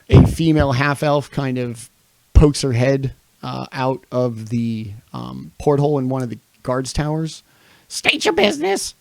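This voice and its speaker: A game master narrates a tabletop campaign slowly, filling pauses with ums as he sets each scene. His voice has a gravelly edge and sounds dry and close on a home livestream mic. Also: medium pitch, fairly even intonation, a little mellow, dry recording. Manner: slow, with frequent ums and pauses. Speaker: dungeon master.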